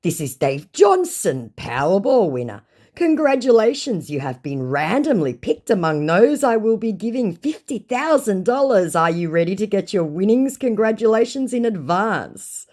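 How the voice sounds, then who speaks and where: A woman's voice: mid-range voice, big pitch swings, moderate pace, darkish tone, voice pushed up. A woman reading out a chat in the voice of a male scammer who poses as a lottery winner and talks in a gushing, overly sweet, pushy way.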